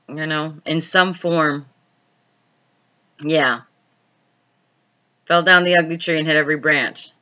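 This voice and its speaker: Woman streamer, unhurried delivery, bright and forceful tone, reads chat and laughs a lot, dull lo-fi stream sound. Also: low-pitched. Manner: reads viewer comments aloud and laughs often; chatty storytelling. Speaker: live-stream host. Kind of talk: casual live-stream chat.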